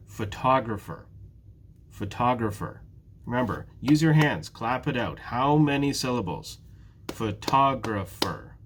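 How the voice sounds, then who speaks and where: A man with a British accent, teaching a prerecorded beginner English lesson, slowly repeating words for learners. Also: on the low side, a little hiss or hum. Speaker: ESL teacher.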